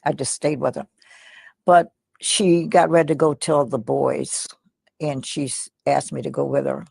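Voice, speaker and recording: An elderly woman with a deeply gravelly, husky voice tells her memories slowly and reflectively, often sinking almost to a whisper. The sound is close and dry, with no room echo. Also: little pitch movement, a little mellow. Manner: slow, reflective storytelling, often dropping to a near whisper. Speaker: guest. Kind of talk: recounting personal memories in an interview.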